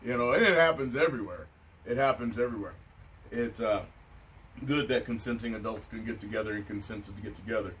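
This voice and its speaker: A man's voice: fairly low pitch, a little fast, a bit bright. Laid-back musing man, heard from afar. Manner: laid-back and musing, with many filler phrases. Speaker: podcast host. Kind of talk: casual stoner chat. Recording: distant mic with faint noise.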